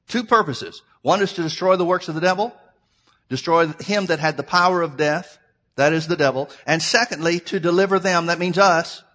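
A man's voice: a little high, a bit bright. Man preaching a conversational sermon. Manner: conversational preaching, asks rhetorical questions and addresses "folks".

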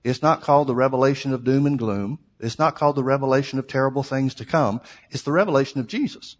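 A man's voice: mid-range voice, fast talker, in a large hall. A man preaching a sermon, teaching through a Bible passage in a conversational way and asking rhetorical questions.

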